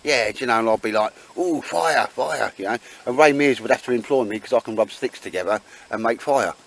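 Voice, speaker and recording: Man, low voice, joking, teasing, casual outdoor chat. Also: quick pace, poor audio. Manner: jokey, teasing banter. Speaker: bushcraft vlogger. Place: woods outdoors.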